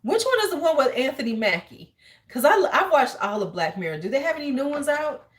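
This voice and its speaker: Brief: beauty-stream host in her forties, slangy, chatty storyteller with a slightly high voice. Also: brisk. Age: 40s. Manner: animated, laughing, slangy storyteller. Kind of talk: casual livestream chat.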